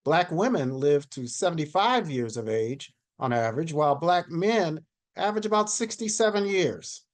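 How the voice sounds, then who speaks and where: A man in his sixties giving a measured slide presentation on a video call. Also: on the high side, expressive. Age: 60s. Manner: measured, reads statistics from slides. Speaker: panel speaker.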